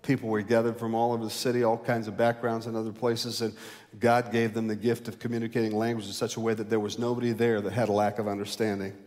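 A male pastor preaching a sermon, rising loud and high to stress a point, then dropping low and slow. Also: little pitch movement. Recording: long hall reverb.

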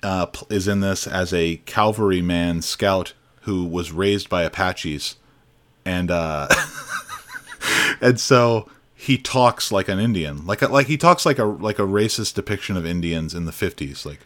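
A man with a very low voice talks through films in a loose, chatty podcast style. He is opinionated and laughs easily. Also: unhurried, fairly bright tone. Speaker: film podcast co-host. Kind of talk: casual film review chat.

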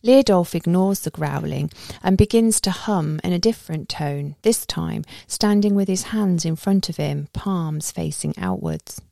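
A woman narrating a story in the first person in a steady, measured way. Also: on the low side, gravelly, no room sound, studio quality. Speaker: audiobook narrator.

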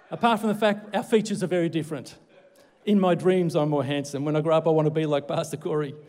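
An Australian man preaching a sermon, his voice ringing with a long reverb. His pitch sits high for a man, and he keeps the talk light with jokes at his own expense. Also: darkish tone. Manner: jokey, self-deprecating. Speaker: pastor. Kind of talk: livestreamed sermon.

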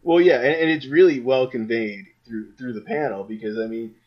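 A man co-hosting a comic-book podcast, animated and acting out characters' lines in paraphrase. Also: mid-range voice, normal speed. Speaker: podcast co-host. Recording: dull lo-fi mic.

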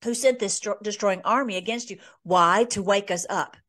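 A woman's voice: mid-range voice, moderate pace, fairly bright tone. A woman hosting a conversational Bible teaching, reading scripture aloud and commenting earnestly with many fillers. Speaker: host.

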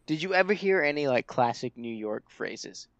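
A man's voice: a little high, expressive, normal speed, fairly bright tone, dull audio. A man co-hosting a podcast, asking playful questions and joking in casual chat. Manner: playful, jokey. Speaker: podcast co-host.

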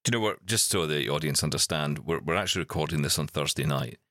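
A man's voice: a bass voice, fast talker, bright, forceful tone, no room sound, studio quality. A man hosting a podcast in casual, teasing chat. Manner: chatty, teasing, jokey. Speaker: podcast host.

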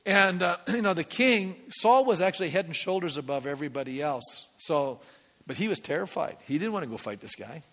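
A male pastor preaches in a high, bright voice, telling a story and acting out its characters. He builds to loud, emphatic peaks. The sound carries a long reverb, as in a church hall. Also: expressive, fairly quick. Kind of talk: sermon.

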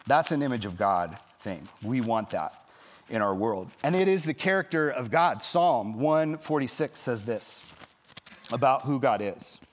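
Animated man preaching a sermon. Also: medium pitch, measured pace. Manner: storytelling, animated, acts out quoted voices. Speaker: pastor.

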